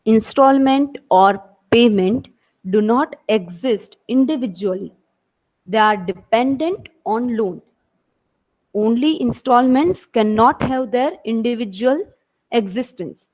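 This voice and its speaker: A woman with an Indian English accent teaches an online class, talking through each point and repeating it. Her voice sits a little high. She speaks into a computer mic. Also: lively intonation, slow, darkish tone, rough recording. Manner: explains step by step, repeats points.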